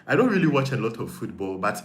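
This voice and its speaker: This is a fast, sing-song, mid-range male voice with a Ghanaian English accent. He's hosting a casual live stream, reading comments from viewers and thinking aloud, repeating himself often. The recording has room echo and faint noise.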